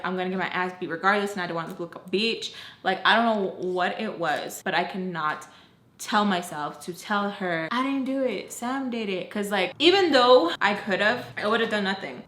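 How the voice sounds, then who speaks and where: A young woman telling a personal story to her viewers in a chatty, animated way, full of fillers and acted-out quotes. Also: medium pitch, reverberant. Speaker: storytime vlogger. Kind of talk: casual storytelling.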